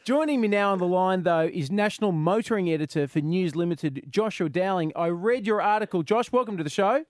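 A man's voice: sits high, expressive, fairly quick, darkish tone. A man with an Australian accent hosting a radio show, joking and telling stories between callers. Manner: jokey, laughing storyteller. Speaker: radio host. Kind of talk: casual radio chat.

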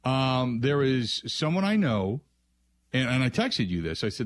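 A man's voice: medium pitch, sing-song, unhurried, no room sound. A man hosting a sports radio show, talking casually and rambling with fillers between segments. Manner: rambling, chatty, lots of filler and restarts. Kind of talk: casual radio talk with call-in prompts. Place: radio studio.

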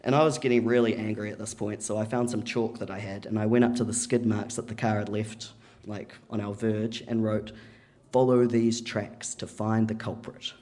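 A man's voice: fairly low pitch, flat delivery, fairly quick, darkish tone. A man telling a story at a live event, in a casual, chatty way with plenty of "like" and "you know". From New Zealand.

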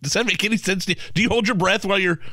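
A man co-hosting a radio show in a studio, animated and quick to laugh while he reads out news bits. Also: high voice, no echo. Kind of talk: casual radio banter. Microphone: studio microphone.

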